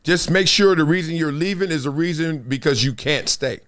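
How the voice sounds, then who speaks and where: A man's voice: on the high side, normal speed. A middle-aged man from Compton hosting a casual sports talk show, telling stories animatedly and reading viewer comments. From Compton, Los Angeles. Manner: animated storytelling, swings between loud and hushed. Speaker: show host.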